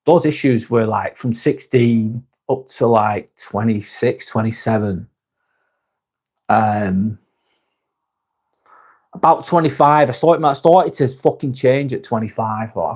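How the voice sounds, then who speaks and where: A man's voice: mid-range voice, takes it slowly, pauses often, darkish tone, slightly rough. A man in his forties hosting a live vlog, chatting casually and candidly, rambling and swearing a lot. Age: 40s. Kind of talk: casual live-stream chat.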